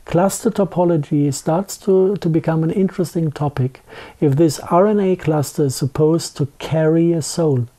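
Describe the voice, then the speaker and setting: A man with a thick German accent, a guest in a conversational interview, talking haltingly with many restarts and fillers. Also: on the high side, warm tone.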